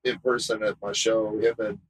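Excitable man saying "bro" on a podcast. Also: fairly low pitch, moderate pace, slight background noise, low-quality recording. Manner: excitable, profane, says "bro" a lot. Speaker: podcast guest and tattoo shop owner. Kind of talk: casual podcast chat.

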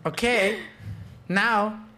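A man putting on a high sing-song woman's voice. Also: steady tone, very slow, bright, forceful tone, exaggerated voice. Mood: mocking. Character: quoted woman speaking broken English.

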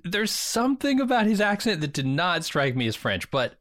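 A man's voice: sits high, sing-song, normal speed, a bit bright, no room sound. A man co-hosting a podcast, chatting casually with dry, skeptical remarks. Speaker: podcast co-host. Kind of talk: casual chat.

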